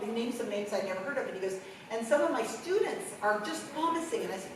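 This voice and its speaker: Middle-aged woman presenter, fairly high voice, animated storyteller; recorded from afar in a very echoey room. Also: fast, distant mic, a little hiss or hum. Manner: animated storytelling with acted-out quotes. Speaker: workshop presenter. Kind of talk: conference workshop talk. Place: conference room.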